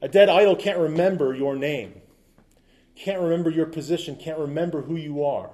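A man's voice: on the high side, normal speed, dark tone. A man preaching a sermon as pastor, talking conversationally with asides and quips, and reading scripture aloud with emphasis.

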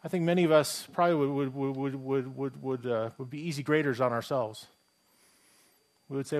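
A man's voice: mid-range voice, a little fast. A man preaching a sermon as a pastor. He speaks conversationally, poses rhetorical questions and often restarts his phrases.

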